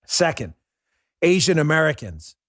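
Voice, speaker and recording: A man's voice: a little high, big pitch swings, measured pace, no room sound. Combative male talk host, dry close sound. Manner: combative, ranting, mocking. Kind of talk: political commentary show.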